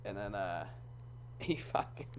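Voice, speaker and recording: Animated, laughing man trading stories. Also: on the low side, slow pace, vocal fry, slight background noise. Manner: laughs a lot, swears freely, animated impressions. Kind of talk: casual chat.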